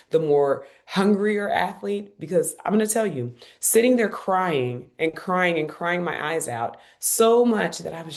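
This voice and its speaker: Low-voiced woman telling her story emphatically. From Cincinnati, United States. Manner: lively, emphatic retelling with repeated phrases. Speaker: guest, former Olympic runner. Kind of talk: podcast interview storytelling.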